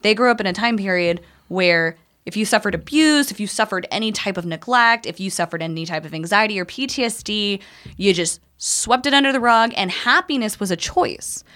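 Woman veteran, 30s, candid podcast guest, profane and animated storyteller. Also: medium pitch, fairly quick.

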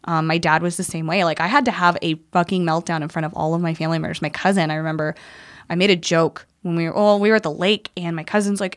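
Woman veteran, 30s, candid podcast guest, profane and animated storyteller. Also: fairly low pitch, fast talker.

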